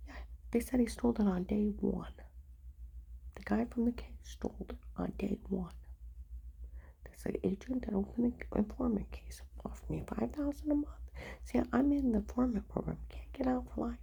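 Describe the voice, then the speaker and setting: A woman talking in a rambling monologue, mostly in a whisper, with a husky voice. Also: fairly high pitch, moderate pace, warm tone, low-quality recording. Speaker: vlogger.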